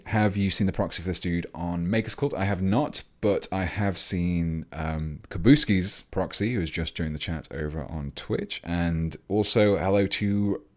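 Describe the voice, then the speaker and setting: An English man hosting a hobby livestream, chatting casually and rambling as he reads out viewer messages while he works on a model. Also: deep voice. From England. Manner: chatty, rambling, reads chat aloud mid-task.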